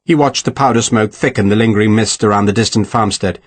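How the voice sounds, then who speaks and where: Guy reading an audiobook, husky voice, expressive. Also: fairly low pitch, quick pace. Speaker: audiobook narrator. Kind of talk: audiobook narration.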